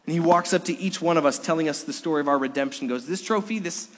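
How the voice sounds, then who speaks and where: A middle-aged man delivers a sermon in a somewhat high voice, building to emphatic peaks and then dropping to hushed, intimate lows. His voice rings out with a long reverb, as if in a church sanctuary. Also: fairly even intonation, rapid-fire. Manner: preaching with rising emphasis and soft, hushed lows. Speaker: pastor.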